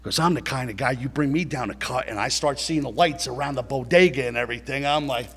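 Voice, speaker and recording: Husky man telling a blunt personal story. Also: mid-range voice, fast, a bit bright. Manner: blunt, swearing, addresses listeners directly. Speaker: recovery meeting speaker. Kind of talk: personal story shared at a recovery meeting.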